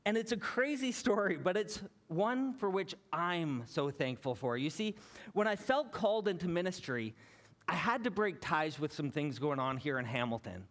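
A Canadian man in his thirties, a pastor giving a sermon in a relaxed, storytelling way. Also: a little high, moderate pace. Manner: conversational, anecdotal, building to a lesson.

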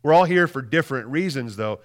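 A male pastor giving an Easter Sunday sermon in a casual, animated way, often repeating words and asking "right?", moving between loud emphasis and hushed lines. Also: medium pitch, a little fast.

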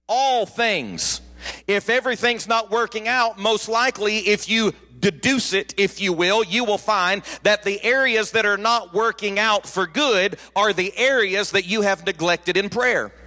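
Emphatic high-voiced preacher man. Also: pushed and bright. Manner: emphatic, repetitive, call-and-response. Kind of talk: sermon.

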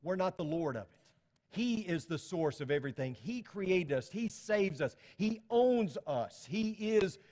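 High-voiced preacher in a reverberant hall. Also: male voice, lively intonation, a little slow, darkish tone. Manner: conversational preaching with rhetorical questions. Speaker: pastor. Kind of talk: sermon.

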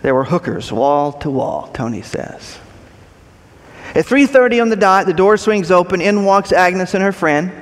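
High-voiced preacher in a reverberant hall. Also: male voice, a little slow. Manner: animated, dramatic storyteller. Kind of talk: sermon storytelling.

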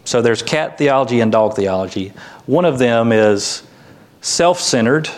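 A man delivers a sermon in a relaxed, conversational way. His voice sits at an ordinary middle pitch. He adds light humor and lifts into lively voices when he quotes. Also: unhurried. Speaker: pastor.

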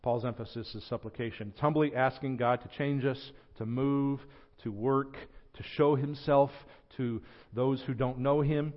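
Emphatic pastor preaching, lo-fi. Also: male voice, medium pitch, steady tone. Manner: emphatic, slows and lifts voice on scripture quotes, drops quiet at phrase ends. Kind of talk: sermon. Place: church sanctuary.

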